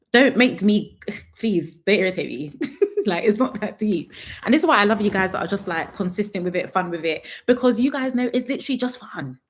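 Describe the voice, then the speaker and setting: A young woman, chatting sassily through a live reality TV review and laughing often. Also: mid-range voice.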